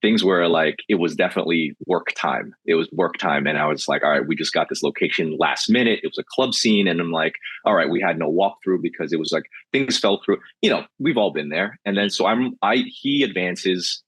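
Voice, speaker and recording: Low husky man, guest TV director, casual war stories with voiced quotes, dry close sound. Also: fairly quick, few pauses, no room sound. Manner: loose and animated, acts out quotes. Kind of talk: casual storytelling chat.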